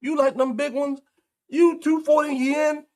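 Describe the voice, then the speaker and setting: A man's voice: very high voice, steady tone, a little slow, darkish tone. A male host telling a story in casual commentary, acting out the quotes and laughing often.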